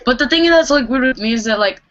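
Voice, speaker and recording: Woman, casual chat, chatty, bright tone, dull lo-fi call sound. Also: high voice, quick pace. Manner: chatty, relaxed, lots of "like". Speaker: K-pop reaction YouTuber, guest. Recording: muffled lo-fi call audio.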